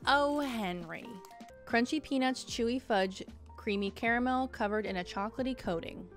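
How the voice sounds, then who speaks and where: A woman's voice: a little high, a little fast, soft background music. A young woman streamer chatting casually and joking as she taste-tests snacks, often giggling. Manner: bubbly, jokey, giggly. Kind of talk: casual taste-test chat.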